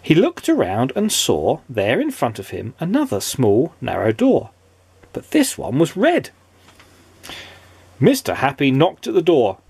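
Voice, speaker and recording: A man's voice: mid-range voice, wildly swooping pitch, measured pace, creaky, a little mellow, slightly rough, dry recording. A father reading a children's story aloud in a playful, sing-song way.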